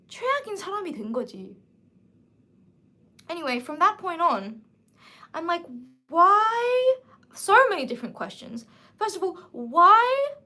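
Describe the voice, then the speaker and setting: A woman in her twenties hosting a casual livestream book chat, animated and emphatic. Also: fairly high pitch. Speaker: livestream host.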